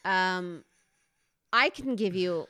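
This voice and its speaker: A woman in her thirties co-hosting a podcast, chatting casually in a rambling, animated way, often laughing. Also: on the low side, very slow, clean tone, no echo. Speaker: podcast co-host. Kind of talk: casual chat.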